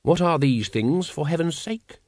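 A man's voice: on the high side, lively intonation, unhurried, a little mellow, no echo, voice pushed up. Man doing a blustering, exasperated cult leader. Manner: blustering, impatient, sarcastic.

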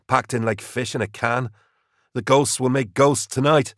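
A man's voice: mid-range voice, fairly even intonation, moderate pace, no echo, studio quality, voice pushed up, lightly acted. A man voicing a dying young male trooper who speaks with wry, strange clarity.

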